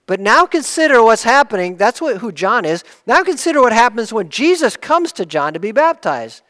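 A man preaching a sermon, explaining each point earnestly, rising for emphasis and dropping low to close a point. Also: very animated, moderate pace, hardly any pauses, fairly bright tone, in a large hall.

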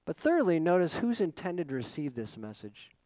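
Middle-aged male pastor, high voice, dry close sound, dynamic sermon delivery. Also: very animated, moderate pace, no echo, low-quality recording. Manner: dynamic preaching with rhetorical questions, swinging from loud emphasis to quiet asides.

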